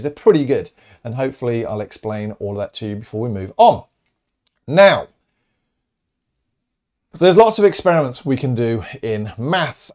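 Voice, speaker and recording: Middle-aged male maths teacher, upbeat and chatty, lively pitch, talks to students directly. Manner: chatty, upbeat and encouraging, talking straight to students. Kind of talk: recorded video lesson.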